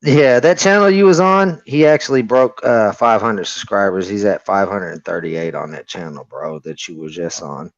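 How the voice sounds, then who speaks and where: A man's voice: lowish voice, expressive, moderate pace, few pauses, muffled recording. A man on a livestream panel, teasing and offhand in casual, profane banter.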